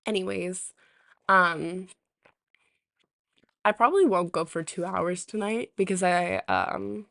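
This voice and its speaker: Slow, gravelly-voiced woman streamer. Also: fairly low pitch, a bit bright, dry recording, studio quality. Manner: rambling, full of ums and restarts. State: sore, slightly rusty throat. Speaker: live streamer reading chat. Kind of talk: casual live-stream chat.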